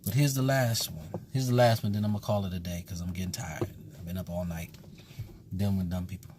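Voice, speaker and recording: A man's voice: low-pitched, steady tone, fast, a little mellow, a little hiss or hum. A man who teaches at a voodoo temple, talking bluntly and casually with emphatic repetition. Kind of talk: casual spoken commentary.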